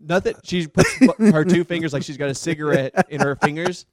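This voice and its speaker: A man casually telling a long work story, rambling with fillers and getting animated as he acts out what people said. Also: a little high, a little fast, no room sound, clean studio sound.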